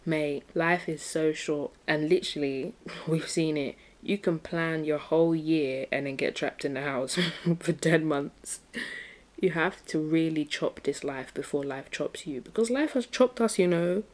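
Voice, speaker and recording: A young woman chats to her listeners in a loose, playful way, full of slang and little sung asides. Her voice sits on the lower side for a woman. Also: measured pace, a little mellow. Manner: chatty and playful, breaks into song and slang. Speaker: podcast host. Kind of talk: casual solo podcast chat.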